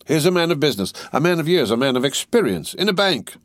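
A man voicing a pompous, blustering barrister who talks in a loud, indignant, hectoring way. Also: medium pitch, big pitch swings, moderate pace, no room sound, studio quality, voice pushed up. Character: blustering, pompous male barrister, self-assured.

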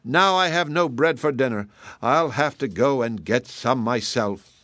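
A man voicing an exasperated mother who scolds her son loudly and emphatically in a storybook reading. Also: mid-range voice, measured pace, no echo, clean studio sound, natural voice. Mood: scolding.

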